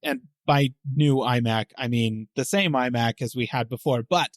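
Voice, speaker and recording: A man's voice: mid-range voice, animated, moderate pace, no room sound, clean studio sound. A man co-hosting a tech podcast, chatting casually with wry, sarcastic commentary. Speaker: podcast co-host. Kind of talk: casual chat.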